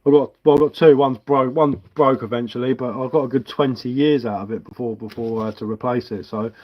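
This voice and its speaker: A man's voice: mid-range voice, a little fast, muffled recording. A man, hosting a live stream and chatting casually as he works, rambling and poking fun at himself. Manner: relaxed, rambling, self-mocking. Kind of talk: casual chat while carving. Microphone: headphones with mic.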